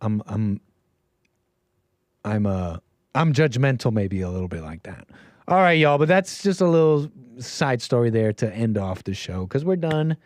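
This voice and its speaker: A man's voice: mid-range voice, big pitch swings, unhurried, darkish tone, no room sound. A man hosting a casual live stream, chatty and joking, rambling with restarts from a home studio mic. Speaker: livestream host.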